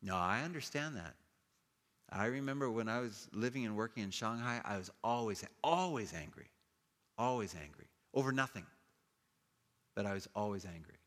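A man preaching a sermon, telling stories in a lively way and acting out the people in them with playful voices. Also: fairly low pitch, normal speed. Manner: animated storytelling with playful quoted voices. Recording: long hall reverb.

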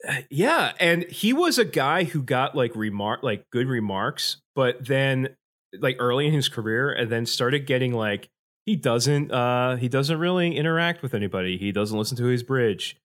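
A man's voice: medium pitch, lively intonation, normal speed, fairly bright tone. A man hosting a casual podcast, rambling through his points with lots of fillers, swearing freely and laughing often. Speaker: podcast host presenting slides.

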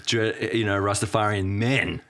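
A man with an Australian accent hosting a podcast, chatting casually and telling animated stories with plenty of swearing. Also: fairly low pitch, moderate pace. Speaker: podcast host. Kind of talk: casual chat.

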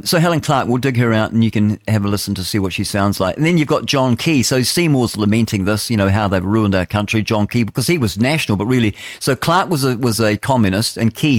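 Rambling New Zealand radio host, low voice. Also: male voice, no room sound, studio quality. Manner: rambling, conversational, many asides and restarts. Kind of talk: opinionated talk radio monologue.

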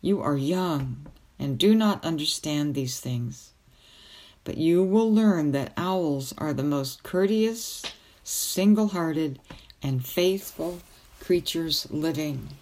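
A woman's voice: low voice, darkish tone. A woman voicing an old male wizard tutor who lectures kindly but sternly in a storybook reading.

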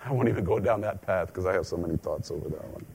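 A man's voice: low-pitched, quick pace, gravelly, darkish tone, slight background noise. A man preaching a conversational sermon as a pastor, joking in asides and repeating phrases for emphasis.

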